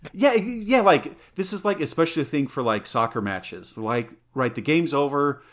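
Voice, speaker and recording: A man co-hosting a podcast, chatting casually in an animated, rambling way with lots of "like.". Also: on the high side, moderate pace. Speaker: podcast co-host. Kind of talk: casual chat.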